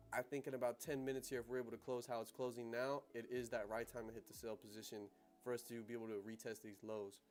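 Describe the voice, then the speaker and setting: A young man hosting a livestream on trading, talking casually in slang and laughing often. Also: mid-range voice.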